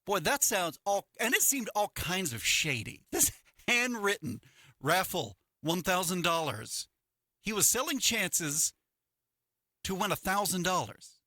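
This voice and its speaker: A middle-aged man co-hosting a morning radio show on a dry studio mic. He tells stories with a very lively, swooping delivery and a bright, forceful tone. He acts out the people he quotes along the way. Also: high voice, unhurried, dry recording. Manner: animated storytelling with acted-out quotes. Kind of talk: casual radio chat. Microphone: studio microphone.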